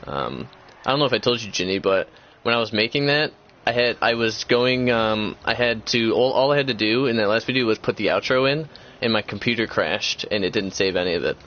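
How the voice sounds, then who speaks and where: A man's voice: fairly low pitch, expressive, a little fast, few pauses. A young man hosting a gaming channel, chatting casually and rambling with lots of fillers and restarts. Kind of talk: casual chat. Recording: dull lo-fi sound.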